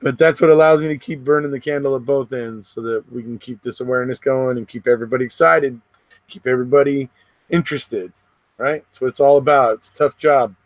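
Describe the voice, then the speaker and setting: A middle-aged man from the US West Coast hosts a casual livestream, chatting to viewers and rambling with quick laughs between remarks. His voice is medium-pitched and steady, with no echo.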